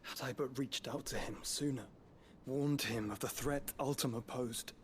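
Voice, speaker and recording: A man's voice: medium pitch, moderate pace, slight background noise, lightly acted. An actor playing an earnest young nobleman who speaks in formal, old-fashioned phrasing in video game dialogue. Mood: grave. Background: game music.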